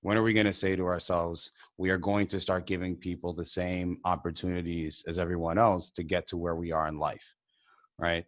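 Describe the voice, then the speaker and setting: A man, an immigrant, co-hosting a podcast and telling a personal story in casual conversation, animated and often laughing. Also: sits low, normal speed. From immigrant to the country. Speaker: podcast co-host.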